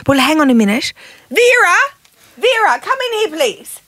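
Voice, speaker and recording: A theatrical, imperious rich lady, shrill and high with a lively, swooping delivery. Her voice sits dry and close to the mic as she orders people about and dotes on her sweetheart. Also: moderate pace, dry recording, heavily acted. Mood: furious, bossy. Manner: imperious, scolding, gushing to her lover. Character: haughty, theatrical rich older woman.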